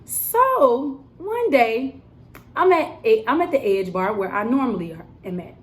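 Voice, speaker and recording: Animated young woman telling a story. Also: on the high side, a little slow. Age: young adult. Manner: animated, emphatic storytelling with lots of fillers. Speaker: vlogger and cosmetics counter worker. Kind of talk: casual storytime.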